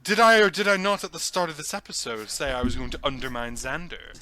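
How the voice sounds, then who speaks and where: A man playing a podcast film quiz, animated and pleading, proud of his own reasoning. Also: fairly high pitch, fast talker, crowd noise. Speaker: podcast co-host, quiz player. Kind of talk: casual podcast chat.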